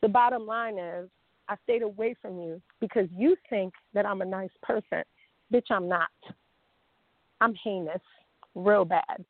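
A woman's voice: medium pitch, a little slow, long pauses, no room sound. Woman vlogger, blunt and cursing, confrontational rant; thin phone-band audio, dry. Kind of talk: unscripted rant to camera. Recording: dry, tinny phone-like sound.

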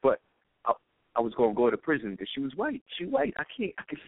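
A man's voice: medium pitch, wildly swooping pitch, fast, no echo. Profane ranting man on a tinny phone line. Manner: profane, rambling, heated rant. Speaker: caller. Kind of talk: call-in radio talk.

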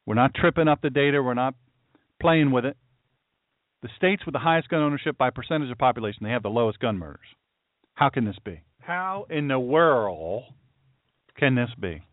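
Male talk radio host, animated pitch swings, hammering rhetorical questions; tinny, dry phone-like sound. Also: moderate pace, dry recording. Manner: heated, repetitive, rhetorical questioning. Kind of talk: political commentary monologue.

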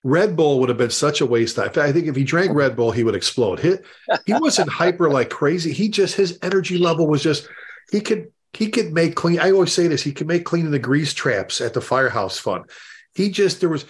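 A man hosting a casual panel discussion over a video call, telling stories in an animated, emphatic way. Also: a little high, a little fast. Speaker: host and fire service instructor.

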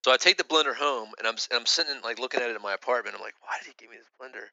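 A man co-hosting a podcast tells a long, rambling story, full of false starts and "like"s. His voice is bright and forward, recorded dry and close on a slightly dull, lo-fi mic. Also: medium pitch, very fast, vocal fry, dry recording. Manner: rambling, many restarts and "like" fillers. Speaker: podcast co-host. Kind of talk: casual storytelling chat.

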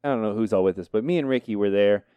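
A man's voice: fairly low pitch, racing, clean tone, no echo, phone-quality sound. A middle-aged man with a Texan accent tells a funny story among friends, laughing and acting out other people's lines. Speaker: podcast co-host.

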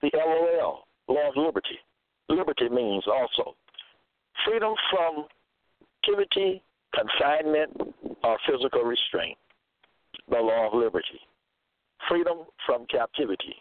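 A man's voice: mid-range voice, sing-song, moderate pace, no room sound. A man reading scripture verses aloud and then interpreting them, repeating key phrases for emphasis. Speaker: self-styled religious teacher. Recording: thin phone-like dry sound.

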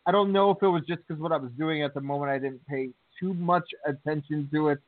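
A man co-hosting a wrestling talk show, telling stories in a chatty, animated way. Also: a little high, quick pace. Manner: chatty, animated storytelling with fillers. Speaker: podcast co-host. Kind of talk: casual chat. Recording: tinny phone line.

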